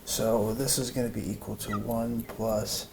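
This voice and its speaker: A man's voice: fairly low pitch, level tone, measured pace, vocal fry. A man giving an informal math lesson, thinking aloud with many fillers and restarts. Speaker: math teacher. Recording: noisy room recording.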